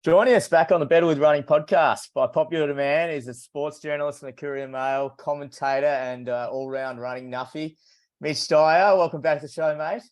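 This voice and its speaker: A man hosting a podcast, asking questions in a relaxed, matey way. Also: a little high, a little fast. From Australia. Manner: easygoing, matey interviewer. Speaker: podcast host. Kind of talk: casual podcast chat.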